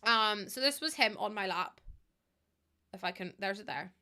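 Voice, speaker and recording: A woman's voice: medium pitch, expressive, normal speed. A young woman chatting casually while streaming a building game, rambling and bubbly with plenty of ums. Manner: bubbly, greets chat warmly. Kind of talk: casual live-stream chat.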